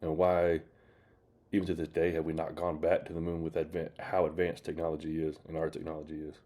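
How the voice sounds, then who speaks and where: A man's voice: rumbling low, monotone, brisk, warm tone. A man hosting his channel, rambling in casual commentary with many fillers. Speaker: channel host reacting to clips.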